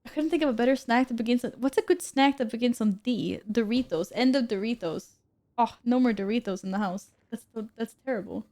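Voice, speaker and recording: A woman's voice: a little high, a little fast, a little mellow. A woman streamer chatting casually and giggling with her chat as she plays. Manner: bubbly, giggly, talks to chat. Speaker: game streamer.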